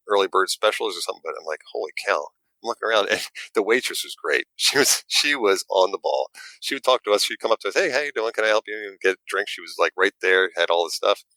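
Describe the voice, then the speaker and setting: A man, a guest who makes models, telling an animated story in casual chat and acting out the quotes with little stammers. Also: low-pitched, dry recording, low-quality recording.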